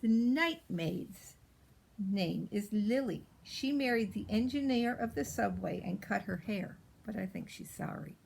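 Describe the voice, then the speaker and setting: A woman voicing a precocious, spoiled little girl as she reads a storybook in character, with a pert, drawn-out way of stressing words. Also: mid-range voice, animated, gravelly, a little mellow, slightly rough, exaggerated voice, poor audio.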